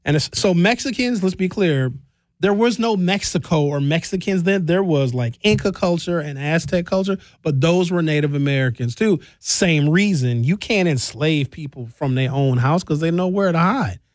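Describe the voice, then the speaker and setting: A man hosting a call-in talk show, explaining things in an animated, jokey way. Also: on the high side, moderate pace, no room sound, studio quality. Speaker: radio show host.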